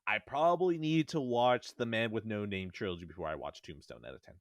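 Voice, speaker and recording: A man's voice: lowish voice, expressive, brisk, no room sound, studio quality. A man co-hosting a casual podcast from home, swearing a lot and ranting sarcastically. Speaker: podcast co-host. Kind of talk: casual chat. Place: at home in a bedroom.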